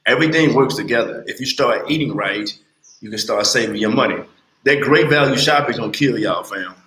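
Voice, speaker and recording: A man in his late twenties talking bluntly and with lots of swearing on a casual livestream, telling animated stories. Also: mid-range voice, a little fast, reverberant, low-quality recording. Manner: blunt, profane, animated storytelling. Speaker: livestream host.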